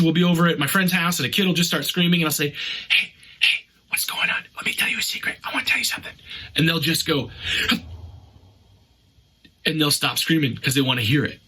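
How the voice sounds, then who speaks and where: A middle-aged man hosts a podcast in an upbeat, chatty way. His voice is bright and forward and sits a little high for a man. He talks casually and acts out little scenes as he goes. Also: husky, rough recording. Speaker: podcast host. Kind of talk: casual advice talk.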